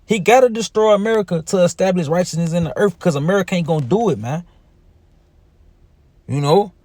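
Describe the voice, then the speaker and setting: A religious teacher with a high voice and darkish tone speaks a little fast, reading scripture verses and explaining them conversationally. He often asks "you see?" and tacks on "man," and the recording has no echo.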